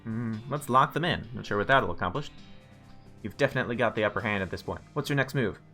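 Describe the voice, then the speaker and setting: Brief: low-pitched male streamer narrating game text, soft music under. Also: lively intonation, fast. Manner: muses aloud, makes wry asides. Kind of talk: reading game text aloud and commenting.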